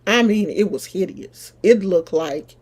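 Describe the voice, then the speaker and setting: A middle-aged woman, casually telling a personal story straight to her viewers in an animated, chatty way. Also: mid-range voice, a little slow, breathy edge. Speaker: vlogger.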